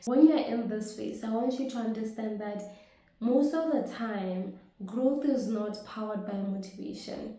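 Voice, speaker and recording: A woman with a husky voice, hoarse from a flu, giving an earnest motivational talk to camera and often checking in with her listeners. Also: a little high, a little slow, warm tone. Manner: earnest, keeps asking "right?" to the audience. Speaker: motivational speaker and business coach. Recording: very echoey room.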